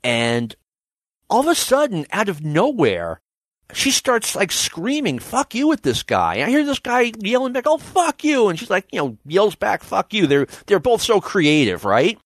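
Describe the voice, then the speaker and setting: A man's voice: sits high, normal speed, no echo, studio quality. A man in his fifties hosting a casual podcast, telling stories with lots of energy and acting out the quotes. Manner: animated storyteller, acts out shouted quotes. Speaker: podcast host.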